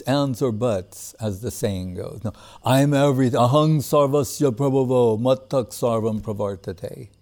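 A man's voice: mid-range voice, a little mellow. A man giving a casual devotional class as a spiritual teacher, talking in a loose conversational way with frequent chuckles and restarts.

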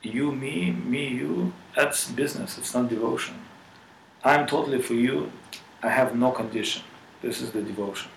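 A humble, devoted young boy pleads meekly before his lord, as a man acts out the scene in his own voice. The voice is gravelly and mid-pitched. It sits in a roomy space with a faint hiss behind it. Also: moderate pace, lightly acted. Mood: earnest.

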